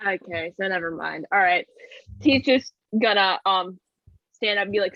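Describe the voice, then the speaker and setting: A woman's voice: mid-range voice, animated, normal speed, dry recording, dull audio. A woman playing a tabletop game, thinking aloud with hesitant fillers. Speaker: player. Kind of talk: casual tabletop play.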